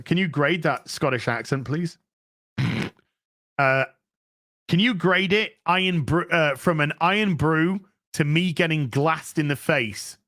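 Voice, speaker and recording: Lively, bright-voiced streamer. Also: male voice, on the high side. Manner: animated and sweary, with quick asides. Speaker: streamer host. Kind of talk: livestream chat, reading out superchats.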